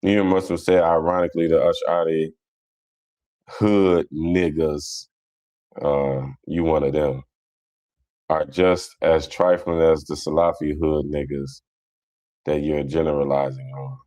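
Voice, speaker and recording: A man's voice: a bass voice, little pitch movement, a little slow, long pauses, dark tone. A man reading and rebutting viewer comments in a casual, combative, slangy way. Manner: slangy, combative, mutters to himself.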